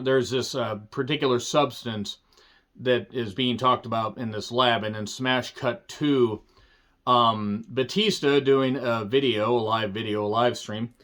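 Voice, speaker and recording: A man's voice: mid-range voice, a bit bright. Rambling, jokey male movie reviewer. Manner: rambling, digressive, jokey, swears casually. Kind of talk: casual spoken movie review.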